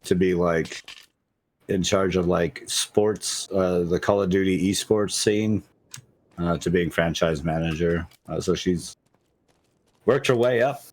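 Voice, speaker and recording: Deep-voiced man chatting gaming news. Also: slight background noise. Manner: halting, many filler "uh"s, blunt jokes. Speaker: podcast co-host reading gaming news. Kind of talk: casual chat.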